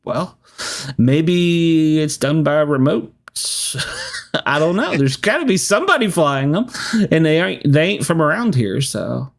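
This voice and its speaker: A man's voice: fairly high pitch, sing-song, a little slow, creaky. A man hosting a casual live-streamed podcast, rambling and laughing often between thoughts. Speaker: podcast host.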